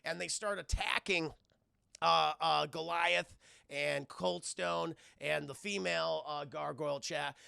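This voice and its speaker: A man's voice: on the high side, fairly even intonation, slow pace, gravelly, sharp tone, smooth, no echo, clean studio sound. A young man streaming a comedic cartoon episode recap, irreverent and profane, talking to his chat.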